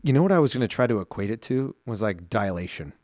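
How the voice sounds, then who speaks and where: A man with a lowish voice talks in a relaxed, reflective way, full of "you know" and "like". The sound is dry and close, as in a small studio. He is co-hosting a casual podcast. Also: fast, no room sound. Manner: reflective, soft-spoken, many fillers. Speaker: podcast co-host.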